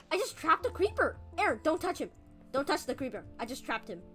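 High-pitched excitable woman gaming. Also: a little fast. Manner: excitable, pleading and scolding at game creatures. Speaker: gaming video host. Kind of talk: casual gameplay commentary. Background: background music.

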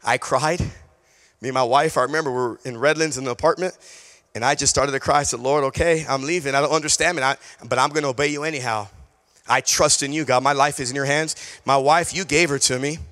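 A male pastor preaching a sermon, telling a personal story in an animated way, acting out conversations and repeating key phrases. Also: medium pitch, quick pace, long reverb tail. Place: church sanctuary.

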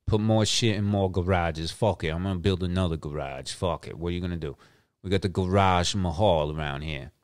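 A low-pitched middle-aged man hosting a show talks fairly quickly in a cocky, brash monologue full of swearing. He repeats lines for emphasis. The sound is studio quality with no room sound.

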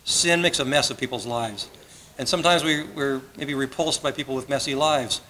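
A man's voice: medium pitch, normal speed, pushed and bright, a little hiss or hum, low-quality recording. A man preaching a sermon as pastor, earnest and conversational, often repeating his phrases. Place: church sanctuary.

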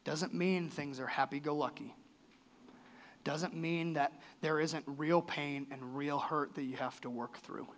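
A man's voice: fairly high pitch, steady tone, unhurried. A male pastor giving a sermon in a church, earnest and conversational, his voice rising and falling sharply. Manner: earnest, conversational preaching with sudden lifts and drops in voice.

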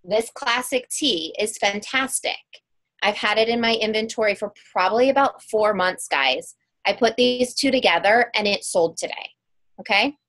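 A woman with a slightly high voice delivers a motivational webinar pep talk. She is emphatic and upbeat, pushing each point home. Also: moderate pace, fairly bright tone. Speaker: webinar speaker on online sales.

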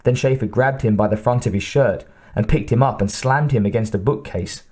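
Male audiobook narrator, steady reading, mellow darkish voice, medium pitch. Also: a little fast. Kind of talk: scripted narration.

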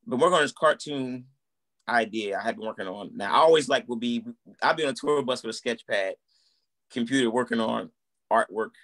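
A man in his thirties telling his story in a casual interview, acting out quoted dialogue. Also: mid-range voice. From United States. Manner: animated, acts out quoted dialogue. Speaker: guest, musician and minister.

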